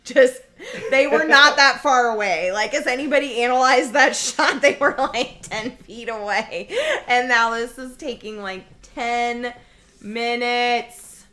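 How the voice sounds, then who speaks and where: Sarcastic woman with a bright voice. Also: a little high, measured pace, soft background music. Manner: blunt, sarcastic, mocking. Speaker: podcast guest. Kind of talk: casual movie commentary.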